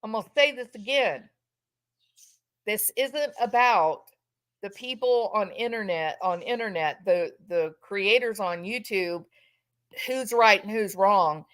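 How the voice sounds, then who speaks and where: A woman's voice: medium pitch, takes it slowly. A woman giving impassioned true-crime commentary from home, repeating phrases for emphasis and mock-quoting others.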